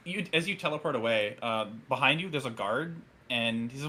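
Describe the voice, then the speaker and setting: A man's voice: medium pitch, animated, a little fast, sharp tone. A man narrating as game master in a tabletop role-playing session, in a casual, filler-heavy way.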